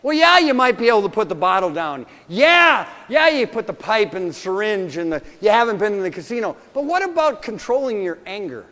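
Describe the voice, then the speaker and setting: A man's voice: high-pitched, big pitch swings, fast talker, few pauses, a bit bright. A male pastor preaching a sermon with passionate, conversational delivery, often restarting his sentences. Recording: long hall reverb.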